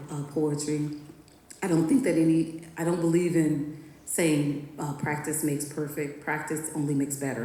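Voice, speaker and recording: Chatty woman poet in an echoey hall. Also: deep voice. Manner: chatty and animated, many fillers. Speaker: guest poet. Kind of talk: storytelling talk and poetry reading. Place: school auditorium.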